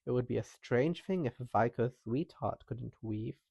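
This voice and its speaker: A man voicing a cheerful little female mouse princess in a storybook reading, talking in a squeaky, eager, gentle way. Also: a little slow, vocal fry, husky, no echo.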